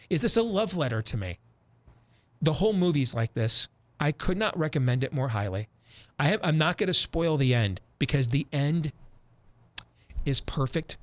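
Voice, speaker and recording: A man hosting a talk show, retelling a film in an emphatic, animated way with frequent repetitions. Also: fairly high pitch, normal speed, long pauses. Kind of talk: opinionated radio talk.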